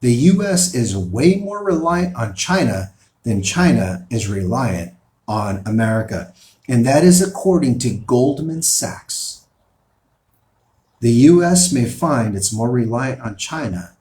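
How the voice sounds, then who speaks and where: A man with a medium-pitched, darkish voice delivers opinion commentary at an unhurried pace, reading news articles aloud and driving his points home emphatically. His delivery rises and falls in bursts, and the recording is reverberant.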